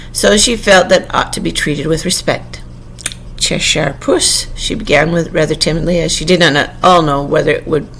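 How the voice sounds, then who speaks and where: A woman reads a classic children's story in a low, gravelly voice. She takes her time and stops now and then to correct a slip. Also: fairly bright tone, slight background noise, rough recording. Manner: unhurried, self-correcting. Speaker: narrator. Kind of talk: storybook reading.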